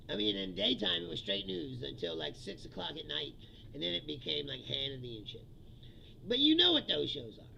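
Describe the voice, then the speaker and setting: A man's voice: sits high, creaky, bright, forceful tone, highs cut off, slight background noise. A male comedian in a profane, mocking political rant, often laughing at his own jokes.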